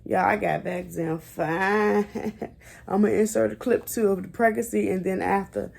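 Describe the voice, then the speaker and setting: A woman's voice: medium pitch, fairly even intonation, a little slow, creaky, a little mellow. A young woman vlogger telling her own story in a casual, chatty way, talking straight to her viewers and getting emotional at times. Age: young adult. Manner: chatty, addresses viewers as y'all.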